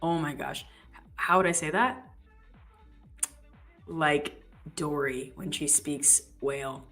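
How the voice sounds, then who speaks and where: A woman co-hosts a live futures trading stream, chatting playfully and hopping from one topic to the next. Her voice is bright and forceful while sitting a little low in pitch. Faint music plays underneath. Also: takes it slowly. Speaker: live trading show co-host. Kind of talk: casual live-stream chat.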